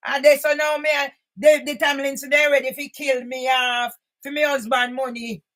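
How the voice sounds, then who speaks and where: An older woman with a high-pitched voice reads documents aloud to her channel. She cuts in with indignant comments and often bursts into shouting. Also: flat delivery, moderate pace, poor audio. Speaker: channel host.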